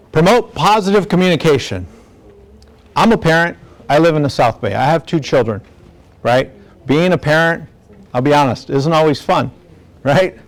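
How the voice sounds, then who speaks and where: A middle-aged man from the district attorney's office giving a community talk to parents, earnest and conversational, often checking in with "right?". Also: on the high side.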